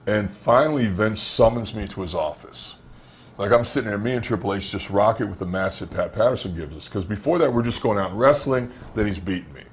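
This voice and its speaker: A man, a former pro wrestler, telling backstage stories in a candid interview, animated and conversational, acting out the exchanges he recounts. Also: lowish voice, a little fast, a little hiss or hum. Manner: animated, acts out dialogue in anecdotes; frequent fillers and restarts, conversational. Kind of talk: storytelling shoot interview.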